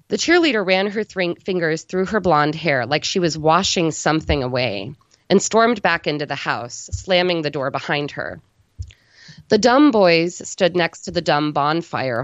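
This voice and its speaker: Brief: woman reader, low voice, steady and unflinching storytelling, dry, dull lo-fi recording. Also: no echo. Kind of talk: reading a literary story aloud.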